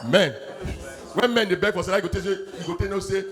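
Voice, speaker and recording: A man with a Nigerian Pidgin accent doing an animated stand-up set, acting out his bits loudly. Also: high voice, fast talker. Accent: Nigerian Pidgin English. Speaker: stand-up comedian.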